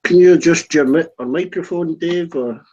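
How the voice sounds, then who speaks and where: A man's voice: a little high, moderate pace, darkish tone, muffled recording. A man chatting casually on an online group call, blunt and swearing freely.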